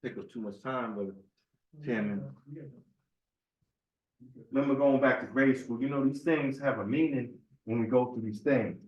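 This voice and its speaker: A man's voice: mid-range voice, measured pace, long pauses, echoey room, highs cut off. A man giving an informal, conversational sermon at a temple meeting, telling stories and checking in with the room. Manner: conversational, storytelling, asks the room "right?". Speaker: temple speaker.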